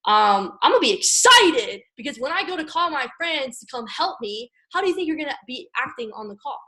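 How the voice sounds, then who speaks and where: Energetic young American woman coaching. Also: high voice, a little fast, poor audio. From Maryland, USA. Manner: energetic, repeats "guys" and "okay", acts out phone calls. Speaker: network marketing team leader. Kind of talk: motivational coaching monologue.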